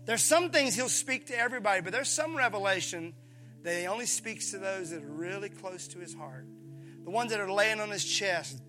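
A pastor from preaching a sermon, animated, acting out voices and calling on his listeners. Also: high voice. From Mississippi, USA. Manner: animated, acts out voices, calls on the congregation.

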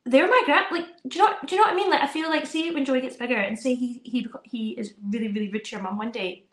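A young woman, a podcast co-host, telling a story in animated, casual chat and acting out her children's voices. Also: high voice, quick pace. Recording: roomy echo.

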